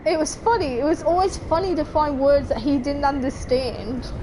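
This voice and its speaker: A woman's voice: high-pitched, normal speed, noisy background. A young Australian woman casually chatting while she plays a game, giggly and often trailing off into laughter. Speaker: gaming streamer.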